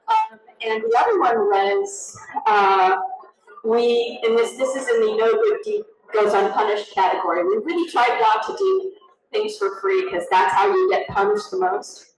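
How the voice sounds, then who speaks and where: Animated woman telling stories in an echoey room. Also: fairly high pitch, moderate pace. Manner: animated, acts out quoted voices. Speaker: tribute speaker. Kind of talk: anecdotal storytelling at a memorial. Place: event room. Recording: roomy echo from a distance.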